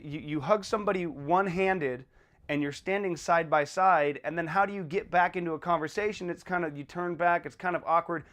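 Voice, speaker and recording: A man hosting a podcast in a casual monologue, animated and blunt, acting out little exchanges as he talks. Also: fairly high pitch. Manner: animated, acts out little dialogues in a raised voice; blunt and irreverent. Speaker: podcast host.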